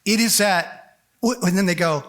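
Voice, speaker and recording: High, bright-voiced animated preacher man. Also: normal speed. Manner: animated and joking, acting out quotes. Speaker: conference speaker. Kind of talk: storytelling sermon.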